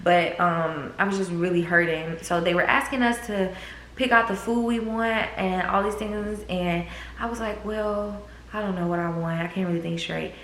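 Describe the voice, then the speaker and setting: Casting note: young woman, lowish pitch, profane drawling storyteller, roomy faint-noise recording. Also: normal speed, fairly bright tone. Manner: candid, profane, drawling, quotes others in a raised voice. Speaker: vlogger. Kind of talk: casual storytime. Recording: echoey room with faint noise.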